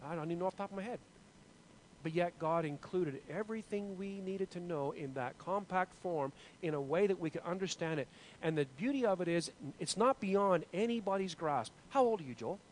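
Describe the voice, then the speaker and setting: A man's voice: high voice, a little fast, a little hiss or hum, rough recording. A man in his forties giving an informal Bible lesson, asking the class questions and often restarting his sentences. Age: 40s. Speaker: Bible teacher.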